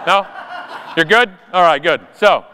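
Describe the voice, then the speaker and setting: A man giving an animated, jokey conference keynote from a stage. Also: high-pitched, a little slow, slight background noise. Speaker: conference speaker. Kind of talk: keynote talk. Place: large conference hall. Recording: long hall reverb.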